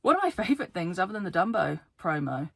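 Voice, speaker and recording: A woman card game YouTuber from the UK, talking fast and excitedly to camera in a casual vlog, laughing often. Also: fairly low pitch, vocal fry, breathy edge, no room sound. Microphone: camera facing her.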